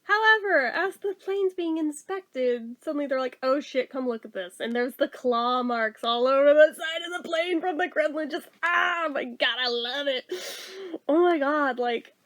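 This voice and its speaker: Excitable high-voiced woman reviewing movies. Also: unhurried, dry recording. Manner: excitable, swears freely, laughs often.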